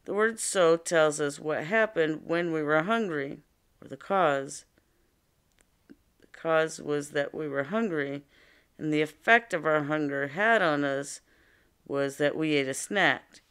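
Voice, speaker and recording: A woman's voice: low-pitched, measured pace, a bit bright, smooth. A woman teaching a reading lesson to young children, patiently explaining ideas with simple examples.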